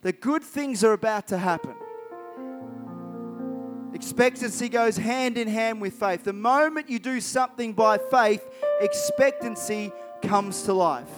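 High-voiced man preaching a sermon. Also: a little slow, over music. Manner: retells Bible stories vividly, acting out characters' lines; emphatic, repeats key phrases.

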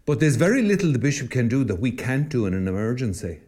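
The priest, from Ireland, speaks fast in a warm, medium-pitched voice with big swings in pitch. Co-hosting a podcast, he reflects and converses as he tells stories, often breaking off and beginning again in casual talk.

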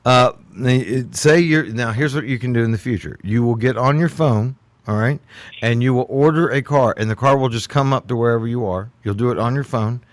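Animated man telling stories. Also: medium pitch, fairly quick, dry recording. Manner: animated storyteller, laughs often. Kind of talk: casual group chat.

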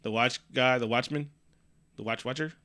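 A man talks loosely about a movie with a co-host, cursing often and jumping into mocking character voices. His tone is bright and forceful. The recording is dry and close. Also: medium pitch, normal speed, no echo. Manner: profane, animated, does mocking voices of characters. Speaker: podcast co-host. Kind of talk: casual movie review chat.

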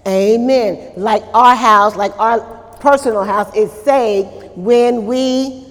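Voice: mid-range voice, steady tone, slow, fairly bright tone, in a large hall. A Bible study teacher leading a church class, asking the group questions, answering them, and adding frequent amens.

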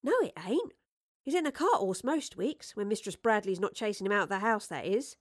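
Lady doing a high sassy young woman, loud and quick. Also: expressive, no room sound, studio quality, lightly acted. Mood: cheeky. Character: young woman street sweeper, cheeky and lively.

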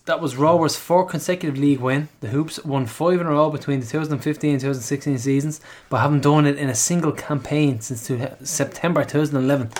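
Guy hosting a footy podcast, slightly higher voice, breezy stat-reading. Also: fairly even intonation, fast talker, few pauses. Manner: breezy, reads stats off a list. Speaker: podcast host. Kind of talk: casual podcast chat and stats reading.

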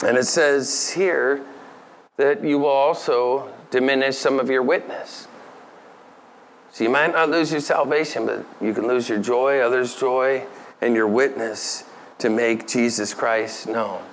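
A man's voice: mid-range voice, slight background noise. A middle-aged man preaching a sermon, talking casually and asking the audience questions. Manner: conversational, asks the audience questions, laughs lightly. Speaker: pastor.

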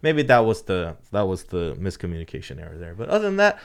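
A man chatting casually about racing, rambling with lots of "you know" and swearing, getting animated when he retells a story. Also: deep voice, fast, vocal fry, clean tone. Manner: animated when retelling, voice jumps up for quoted lines. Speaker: drag racing team owner. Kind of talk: casual podcast chat.

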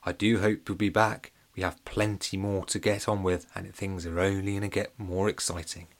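A man's voice: low voice, little pitch movement, moderate pace. Playful man reading a children's story. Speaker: narrator.

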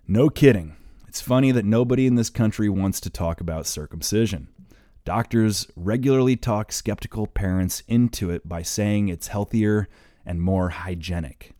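A man's voice: on the low side, moderate pace, mellow, no echo. A man narrating his own audiobook in a matter-of-fact, opinionated way, close to the mic.

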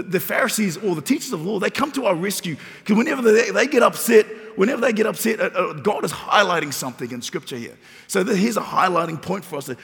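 A man's voice: on the high side, gravelly. A man preaching a sermon as pastor, repeating phrases and building emphasis. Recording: long reverb of a large hall.

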